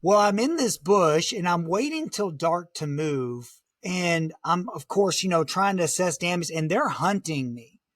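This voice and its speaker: Man, high voice, dry close sound, vivid halting storytelling, lots of fillers. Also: lively intonation, dry recording. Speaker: guest, motivational speaker. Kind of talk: conversational storytelling.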